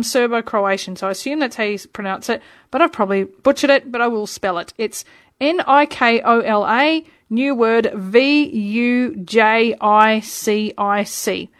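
A woman's voice: fairly high pitch, dry recording, studio quality. A woman in her forties, from Australia, hosting her own radio music show from a room at home in a chatty, playful, self-deprecating way. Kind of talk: casual radio presenting.

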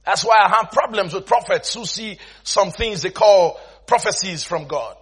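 A man preaching a sermon in an animated way, often laughing and breaking into shouts. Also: high-pitched, moderate pace, breathy edge.

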